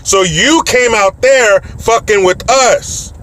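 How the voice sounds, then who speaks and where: A man delivers political commentary as a rant, blunt and profane. His voice sits fairly high and he mocks the people he talks about. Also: slow, sharp tone. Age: adult with children.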